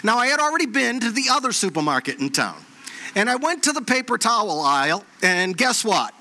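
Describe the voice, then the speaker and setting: Male preacher, bright high voice, animated sermon storytelling, repeats lines for effect. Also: a little fast. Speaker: pastor.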